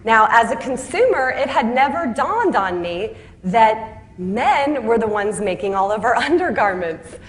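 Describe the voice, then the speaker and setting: A woman founder telling her story in a speech, lively and self-deprecating, acting out the voices of the people she quotes and laughing at her own punchlines. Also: on the high side, a little slow, a little hiss or hum.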